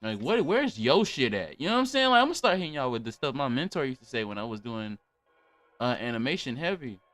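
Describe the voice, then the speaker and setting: A man's voice: mid-range voice, very animated, fast talker, a bit bright, no echo. Young man ranting on a livestream. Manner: rambling, profane, blunt ranting. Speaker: podcast host. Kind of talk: casual livestream podcast chat.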